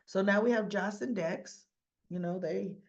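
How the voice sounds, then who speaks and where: Woman host, casual soap recap, slow unhurried delivery, a bit muffled lo-fi sound. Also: medium pitch. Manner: chatty, opinionated, talks straight to viewers; acts out the characters' lines in her retelling. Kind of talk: casual spoken recap to viewers.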